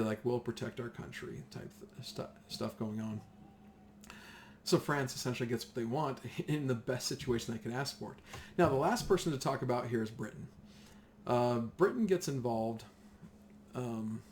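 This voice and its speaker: A man's voice: medium pitch, moderate pace, slight background noise. Chatty man teaching a history lesson. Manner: chatty, animated, acts out voices of nations.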